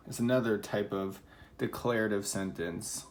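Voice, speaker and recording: A man's voice: fairly low pitch, measured pace. Patient man teaching a reading lesson. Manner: patient, explaining, acts out example sentences. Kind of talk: recorded classroom lesson for children.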